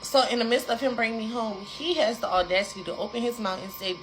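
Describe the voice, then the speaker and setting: Young woman doing a storytime, kinda high voice, animated and repeats herself a lot, talks right to viewers, faint hiss behind. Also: fast. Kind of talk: casual storytime.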